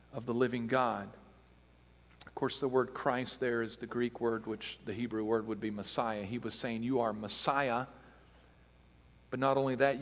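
Man preaching emphatically in a reverberant hall. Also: medium pitch. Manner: emphatic, rising to loud intensity on key phrases. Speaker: pastor. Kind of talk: sermon.

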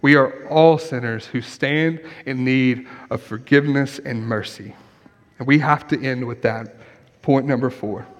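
A man's voice: medium pitch, a little slow, highs cut off. Guy pastor preaching earnestly, voice ringing in a big echoey hall. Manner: earnest preaching, drops to quiet prayer. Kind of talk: sermon. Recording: long hall reverb.

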